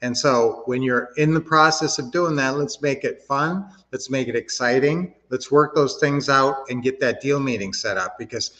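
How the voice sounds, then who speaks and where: A man's voice: mid-range voice, normal speed, few pauses, fairly bright tone, in a large hall. A middle-aged man hosting a casual coaching livestream, upbeat and motivational, talking straight to his viewers. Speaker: livestream host, real estate coach.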